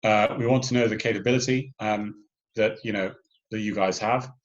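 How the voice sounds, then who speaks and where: Deep-voiced man briefing hackathon teams. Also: fairly even intonation, moderate pace, lo-fi sound. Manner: loose, filler-heavy explaining with restarts. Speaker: hackathon organizer. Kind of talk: online workshop briefing.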